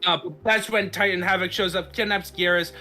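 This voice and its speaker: A man's voice: high voice, steady tone, a little fast, bright, forceful tone, soft background music. A man in casual podcast chat, recapping a game story in a rambling way with frequent fillers and restarts. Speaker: podcast host.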